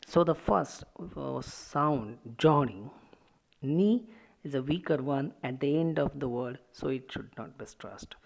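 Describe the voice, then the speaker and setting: Low gravelly woman teaching poetic metre. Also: darkish tone. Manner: explains step by step, repeating "see". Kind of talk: classroom lecture on poetic metre.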